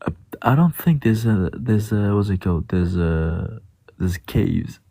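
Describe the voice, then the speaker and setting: A man from Djibouti debating calmly on a live stream, hesitant and full of fillers. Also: lowish voice, a little slow, creaky, dry recording, clean studio sound. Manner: patient, hesitant, many fillers and restarts. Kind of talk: casual debate.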